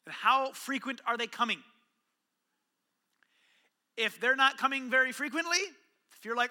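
A very high-pitched man preaches in a lively storytelling way. He acts out little dialogues, jumping from hushed lines to shouts. His tone is sharp and bright throughout. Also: normal speed, long pauses. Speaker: pastor. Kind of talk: sermon.

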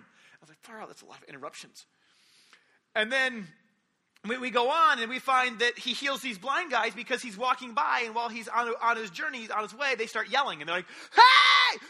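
A man's voice: high-pitched, sharp tone. A young man preaching a sermon, retelling stories animatedly and acting out the quotes.

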